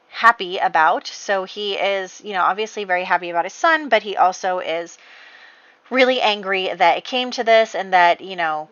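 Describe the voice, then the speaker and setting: A woman's voice: on the low side, bright, forceful tone, no room sound, muffled recording. A woman casually telling the story of her life-sim game, chatty and full of fillers. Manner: chatty, heavy on fillers like "you know" and "like". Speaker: let's play host.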